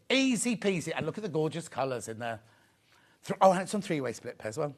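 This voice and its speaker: Man, high-pitched voice, chatty excitable sales host, repeats himself. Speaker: shopping show host. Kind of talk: live sales presentation.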